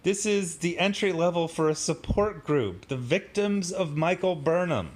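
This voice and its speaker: A man's voice: on the high side, animated, a little slow. A man hosting a casual review, sarcastic and exasperated, rambling with lots of fillers and mocking asides. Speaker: commentary host.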